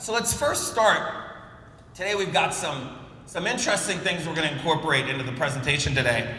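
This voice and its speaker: A man on stage giving a conference keynote in a storytelling style, joking with the audience and calling people up. His voice is bright and forceful and sits a little high. The sound carries a long reverb from a large, echoey hall. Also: a little hiss or hum. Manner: storytelling, jokey, works the crowd. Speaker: keynote speaker.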